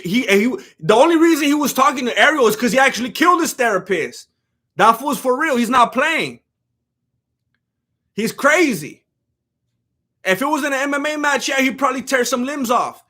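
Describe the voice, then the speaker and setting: A young male host riffs on fight news in a loose, slangy way, often stumbling over his words as he restarts a thought. His voice sits high for a man and has a bright, edgy tone. He sounds a bit hoarse here and there. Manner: animated, slangy, repeats himself. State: throat giving out. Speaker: YouTube MMA commentator. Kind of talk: casual commentary reading chat.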